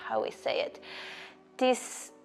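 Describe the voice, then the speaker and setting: A woman's voice: takes it slowly, soft background music. A woman from Paraguay, a native Spanish speaker with a Paraguayan accent and strong R's, chatting casually in English and often restarting her sentences. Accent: Paraguayan Spanish, strong rolled R's. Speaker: new team member.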